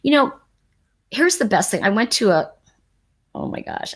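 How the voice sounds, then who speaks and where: A woman hosting a livestream, talking casually and emphatically to her chat audience in a rambling, animated way. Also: on the high side, normal speed, breathy edge. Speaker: livestream host.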